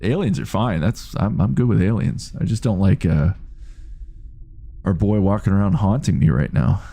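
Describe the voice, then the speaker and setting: A man's voice: lowish voice, normal speed, gravelly, mellow, breathy edge. A man in his late thirties chatting casually on a game live stream, rambling, swearing freely and reading out chat messages. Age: 30s.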